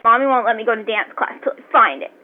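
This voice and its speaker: A woman's voice: fairly high pitch, fast talker, background noise, natural voice. A woman voicing a whiny, sobbing little girl on a prank phone call, pleading in a childish way. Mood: tearful whining. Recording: tinny phone line.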